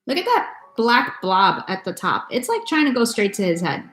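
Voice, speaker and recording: A woman's voice: fairly high pitch, very animated, moderate pace, a bit bright. Blunt, swearing tarot reader woman. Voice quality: blunt and profane. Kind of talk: casual tarot reading monologue. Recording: echoey room with faint music.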